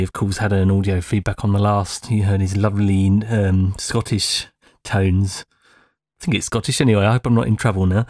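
Rambling low-voiced male podcast host. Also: darkish tone, no room sound, studio quality. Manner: rambling, self-deprecating, hesitant with fillers. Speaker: podcast host reading listener feedback. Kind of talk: casual podcast monologue.

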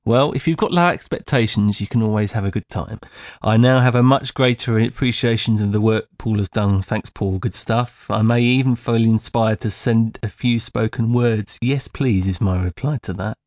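A man's voice: on the low side, normal speed, a little mellow, no echo, studio quality. A man hosting a casual podcast, reading out listener feedback in a rambling, self-deprecating way with many fillers.

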